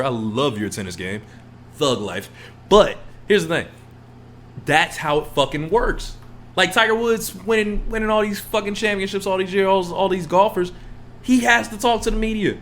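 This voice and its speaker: Animated, profane man ranting on a podcast. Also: moderate pace, a little hiss or hum. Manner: profane, animated, mimics others in low mumbling asides. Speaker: podcast co-host. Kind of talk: heated casual podcast rant.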